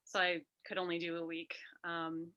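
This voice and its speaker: Bright-voiced woman telling a story. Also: lowish voice, moderate pace, lo-fi sound. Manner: animated, re-enacts quotes in a lively voice. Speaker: interview guest. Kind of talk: personal storytelling in conversation.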